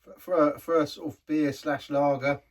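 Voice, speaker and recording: A man talks through a beer in a casual review. His voice is husky and sits back from the mic, a bit distant in the recording. He rambles, trails off and restarts mid-sentence. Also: on the high side, flat delivery, normal speed.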